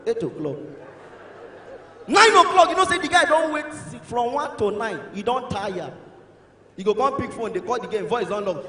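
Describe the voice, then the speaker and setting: Nigerian comedian guy, high bright voice, lively storytelling on stage, echoey hall. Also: moderate pace, a little hiss or hum. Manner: animated storytelling, acts out voices, bursts of shouting. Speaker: stand-up comedian. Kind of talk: stand-up comedy in Pidgin and English. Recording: echoey hall, live show.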